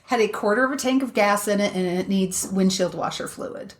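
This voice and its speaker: A woman's voice: medium pitch, a little fast. A woman co-hosting a podcast, telling a story in casual chat, blunt and swearing freely. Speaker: podcast co-host.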